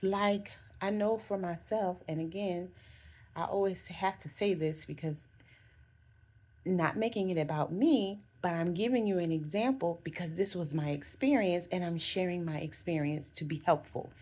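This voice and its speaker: A woman's voice: on the low side, a little slow, darkish tone. A woman vlogger talking through a reflective self-help monologue in a conversational way, often saying "you know" and "again" and correcting herself as she goes.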